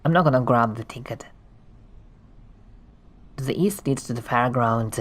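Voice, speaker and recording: A streamer casually narrating a text adventure game, reading the descriptions aloud with quick offhand asides. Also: mid-range voice.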